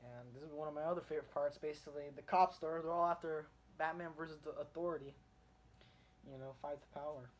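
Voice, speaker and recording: A young man casually retelling a comic book story, rambling with fillers and restarts and getting excited in bursts. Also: a little high, fast talker. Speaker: comic reviewer. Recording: faint background noise, home recording.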